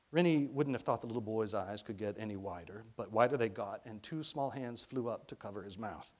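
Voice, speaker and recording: A middle-aged man from Arkansas, an author reading his own children's novel aloud to an audience in expressive storytelling fashion. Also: fairly low pitch, a little fast, few pauses. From Arkansas, USA. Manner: expressive storytelling, briefly voicing characters.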